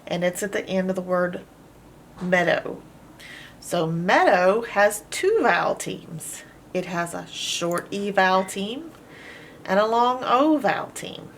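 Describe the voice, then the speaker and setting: A woman teaching a phonics lesson, slowly sounding out words and letters, with patient praise. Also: mid-range voice, animated, slight background noise.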